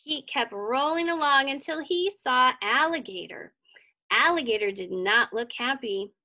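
Woman, children's read-aloud, high bright voice, lively sing-song, asks kids questions. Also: unhurried. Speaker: children's story reader.

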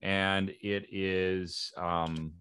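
A man narrating as game master of a tabletop game, pausing and searching for words. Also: low-pitched, flat delivery, a bit bright, clear, resonant tone. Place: live event room.

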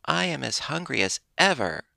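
A man's voice: fairly low pitch, expressive, a little slow, bright, forceful tone, no room sound, exaggerated voice. A man voicing a fretful, greedy wooden puppet boy who wails and complains in a raised, strained voice. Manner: wailing, fretful.

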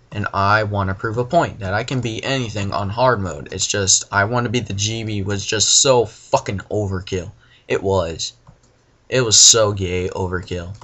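A young man giving profane, frustrated let's play commentary, ranting and now and then bursting into yells. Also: on the low side. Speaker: gamer.

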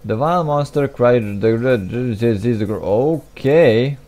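Over quiet game music, a young man with a mid-range, darkish voice narrates his gameplay at a slow pace. The commentary is casual and mumbled, full of restarts, side remarks, and jabs at himself.

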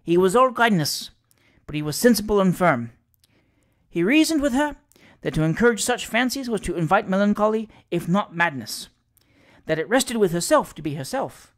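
An audiobook reader narrating a classic ghost story with measured storytelling. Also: mid-range voice, animated. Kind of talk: classic fiction read aloud.

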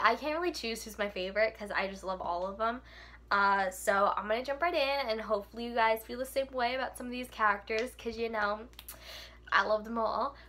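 A woman's voice: on the high side, fairly bright tone. A young woman vlogger chatting casually and gushing about books, with lots of "like" fillers. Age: young adult. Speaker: book vlogger. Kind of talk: casual chat.

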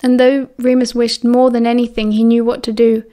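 A woman's voice: on the high side, little pitch movement, normal speed, warm tone. Woman reading an audiobook aloud. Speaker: audiobook narrator. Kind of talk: reading fan fiction aloud.

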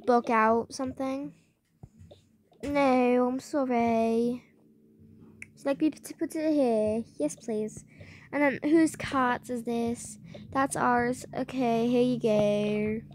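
High-voiced woman in game role-play chat. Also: slight background noise. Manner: chatty, playful, serving guests in a pretend restaurant. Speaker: game channel host.

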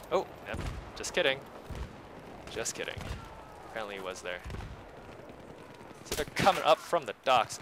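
A man's voice: on the low side, noisy background. A man giving live gameplay commentary as a video host, talking casually to his viewers, muttering asides and breaking into sudden exclamations. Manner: casual, chatty, talks straight to viewers.

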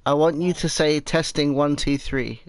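A man's voice: a little high, steady tone, normal speed. A man teasing his friends in casual chat while gaming, swearing now and then. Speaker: gamer.

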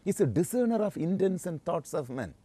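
A man preaching a sermon, earnest and emphatic, stressing phrases slowly and repeating them for weight. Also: sits high, sing-song, dark tone, no room sound.

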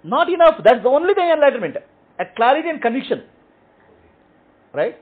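A spiritual teacher answers questions in a very high-pitched, very animated voice at a fairly quick pace. He explains things in short, repeated phrases, often checking in with "okay?", and the audio sounds tinny, like a phone line.

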